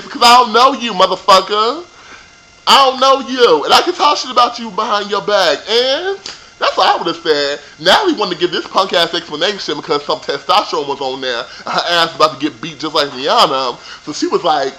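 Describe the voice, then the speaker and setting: A man's voice: sits high, animated, fairly quick, pushed and bright, slight background noise, rough recording. A young man ranting casually about a reality show reunion, sassy and profane. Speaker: vlogger reviewing a reality show. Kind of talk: casual rant.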